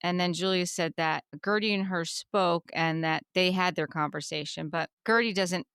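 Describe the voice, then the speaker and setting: A woman co-hosts a casual podcast, recapping scenes in a chatty, emphatic way. Her voice is smooth and clear at a mid pitch. The sound is close and dry. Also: moderate pace, fairly bright tone, no echo. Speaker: podcast co-host recapping a reality show. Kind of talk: casual chat.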